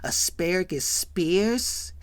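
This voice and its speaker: A narrator voicing a brash man who gets offended easily and complains loudly. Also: medium pitch, animated, takes it slowly, no echo. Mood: indignant.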